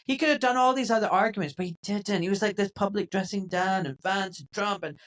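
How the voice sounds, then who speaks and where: An emphatic man hosting a casual podcast conversation. He talks with conviction and gets lively when he imitates other people's voices. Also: sits high, fast, hardly any pauses. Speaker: podcast host.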